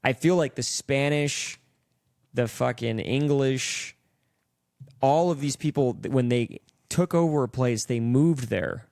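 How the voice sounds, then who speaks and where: A man's voice: medium pitch, takes it slowly, gravelly, a little mellow, no room sound, clean studio sound. A young man hosting a podcast, talking loosely with plenty of swearing and acting out the people he quotes. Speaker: podcast host. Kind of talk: casual chat.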